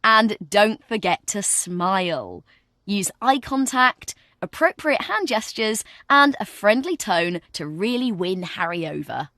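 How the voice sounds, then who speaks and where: A woman's voice: medium pitch, big pitch swings, unhurried, pushed and bright, dry recording, clean studio sound. A woman guiding the listener through a communication training exercise in scripted, encouraging narration, coaching them step by step. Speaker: virtual training guide.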